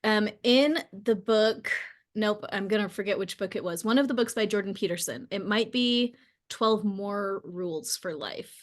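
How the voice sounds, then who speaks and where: A woman hosting a casual conversation, chatty and quick to laugh, with lots of fillers. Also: mid-range voice. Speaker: podcast host.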